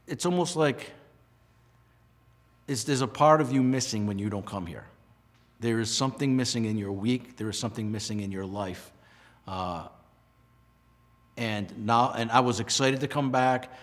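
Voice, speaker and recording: A middle-aged man from Rhode Island, talking earnestly and emotionally in a casual interview, with halting restarts. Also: mid-range voice, in a large hall. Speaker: interviewee, past lodge master.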